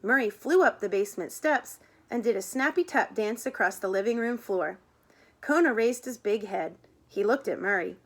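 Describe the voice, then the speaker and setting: A woman reading a children's chapter book aloud in an expressive way. She gives the characters their own voices. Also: medium pitch, normal speed. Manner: expressive, voices the characters, chats about the pictures.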